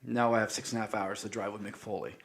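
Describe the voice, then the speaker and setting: A man from Canada, a podcast guest, telling a road-trip story in casual chat, animated and laughing often as he acts out the people in it. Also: fairly low pitch, fast, creaky.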